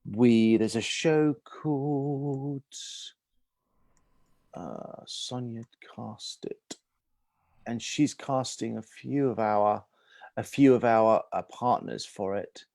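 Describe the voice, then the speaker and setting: A man's voice: mid-range voice, slow pace, gravelly, a little mellow, dry recording. A man, a guest agent in a casual interview, speaking hesitantly with many restarts.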